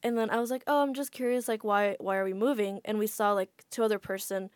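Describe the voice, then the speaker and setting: A woman's voice: mid-range voice, steady tone, fast, clear, resonant tone, no room sound, clean studio sound. A woman guest on a podcast, telling a travel story in a chatty way with a lot of "like" fillers. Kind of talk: casual storytelling.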